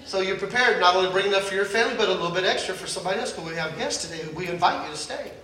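An older man preaches to his congregation in a high, bright voice, circling back to his key phrases with growing urgency. He sounds a little distant from the mic, and the church around him rings with echo. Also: rapid-fire, a little hiss or hum. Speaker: pastor. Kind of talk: sermon. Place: church sanctuary.

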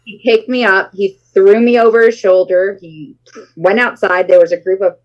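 This woman in her forties tells her story at an easy conversational pace, in a middle-pitched voice. She throws herself into the retelling, acting out what people said with plenty of drama. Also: moderate pace, highs cut off. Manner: animated, dramatic retelling with acted quotes. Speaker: guest. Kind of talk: casual storytelling interview.

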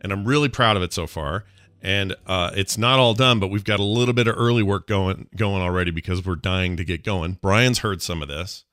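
Deep bright-voiced man hosting a stream. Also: a little fast, dry recording, clean studio sound. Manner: relaxed and chatty, laughs easily. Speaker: show host. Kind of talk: casual live-stream chat.

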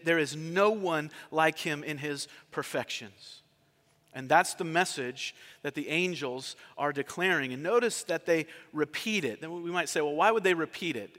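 A man's voice: fairly high pitch, fairly bright tone, long reverb tail. A man preaching a sermon as pastor, talking in a conversational way and asking his congregation questions.

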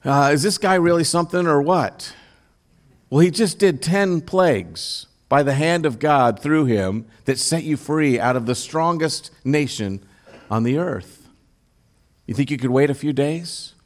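This male pastor's voice sits a little high and is expressive, his pace measured. His sermon moves from reading scripture aloud to explaining it, sometimes rising in intensity as he questions listeners directly.

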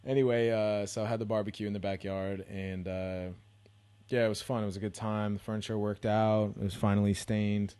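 Casual young male podcast host from the Bay Area, slightly low voice, rambling, profane and self-mocking. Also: level tone, fairly quick, dark tone, clean tone. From San Francisco Bay Area. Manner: rambling, heavy swearing, self-deprecating, laid-back slang.

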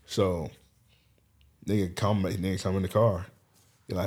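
Young guy podcast host, kinda low voice, loose cussing storyteller vibe. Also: lively intonation, moderate pace, pauses often, darkish tone. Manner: loose, profane, laughs mid-story. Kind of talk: casual chat, storytelling.

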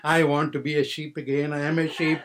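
This storytelling sermon comes from an older man, a spiritual teacher, whose voice sits a little high, level and fairly bright, moving a little fast. He frequently laughs and voices the characters in his playful story. A little hiss or hum runs under the recording.

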